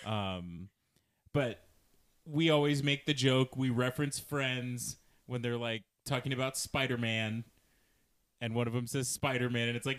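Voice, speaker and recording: A man's voice: mid-range voice, measured pace, fairly bright tone. A man co-hosting a podcast in casual chat, easygoing and laughing along, playfully arguing his points. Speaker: podcast co-host.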